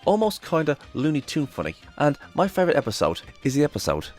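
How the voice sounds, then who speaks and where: A man's voice: a little high, huge pitch swings, fast, darkish tone, soft background music. A young man hosting a casual video review of comedy shows, chatty and enthusiastic. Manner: chatty and enthusiastic, often retelling jokes with put-on voices.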